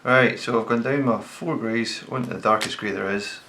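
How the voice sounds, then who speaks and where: A man with a low, gravelly voice talks through his sketch in a relaxed way, thinking aloud and catching his own slips. He sometimes drops to a mutter while he works. A steady hiss of noise sits under the recording. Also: normal speed. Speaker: designer sketching on camera. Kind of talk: casual commentary while sketching.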